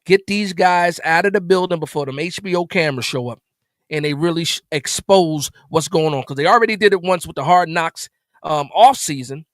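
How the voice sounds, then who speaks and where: Agitated stammering man, fairly high voice. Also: a little fast, dry recording, studio quality. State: upset. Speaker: sports stream host. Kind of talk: live post-game reaction stream.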